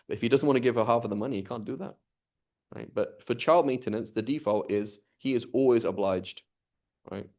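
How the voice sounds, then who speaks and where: A man's voice: mid-range voice, fairly quick, dark tone. A man teaching an informal class, talking conversationally and often checking in with the students. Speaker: Islamic studies teacher.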